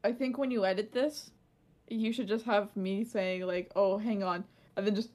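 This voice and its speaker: A woman's voice: mid-range voice, normal speed, a little mellow. A young woman co-hosting a podcast, chatting casually with wry, short quips. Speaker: podcast co-host. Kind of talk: casual chat.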